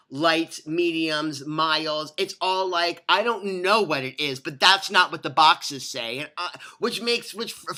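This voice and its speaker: Bright-voiced ranting storyteller, profane and rambling. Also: mid-range voice. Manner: animated, profane, digressive storytelling with many restarts. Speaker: vlogger. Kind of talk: rambling personal rant.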